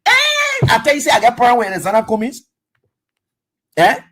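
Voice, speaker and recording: A radio talk show host with a Liberian English accent delivers an animated political commentary monologue, acting out dialogue and firing off rhetorical questions. His voice is medium-pitched and a little fast, with a noisy background behind him.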